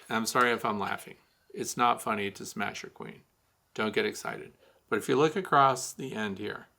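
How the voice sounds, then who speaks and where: A man's voice: medium pitch, pushed and bright. A man hosting a beekeeping Q&A, giving a blunt, teasing hands-on demonstration of gear. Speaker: beekeeping show host.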